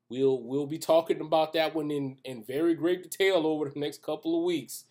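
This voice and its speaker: A man's voice: a little high, steady tone, moderate pace, few pauses, a little mellow. A man, giving a loose preaching talk to camera, joking in asides and restarting his sentences. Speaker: Christian video commentator. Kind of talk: casual preaching monologue. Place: room with echoey acoustics.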